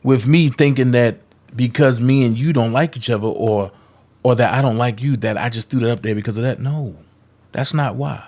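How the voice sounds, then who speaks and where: Male commentary vlogger, gravelly, confrontational and foul-mouthed. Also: medium pitch, normal speed, a little mellow. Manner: profane, heated, calling people out.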